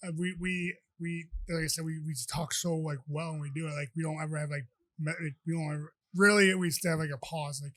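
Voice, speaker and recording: A man in his thirties chats as a podcast guest, racing through rambling anecdotes crowded with fillers. His voice sits a bit high for a man and sounds dry and close, with no room around it. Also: steady tone, fast talker, a bit bright, dry recording. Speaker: podcast guest, pro fighter. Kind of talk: casual storytelling chat.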